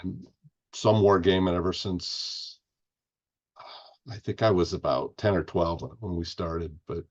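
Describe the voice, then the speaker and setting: Podcast guest: low-voiced man, meandering and chatty, dull lo-fi recording. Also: steady tone, measured pace. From Indiana, US. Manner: rambling, restarts often. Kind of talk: casual interview chat.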